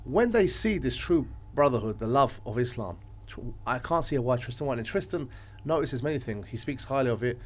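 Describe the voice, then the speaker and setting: A man chatting casually as a podcast guest, telling stories in a rambling, animated way, his voice swinging from loud to quiet. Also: mid-range voice, fairly quick, few pauses. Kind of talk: casual chat.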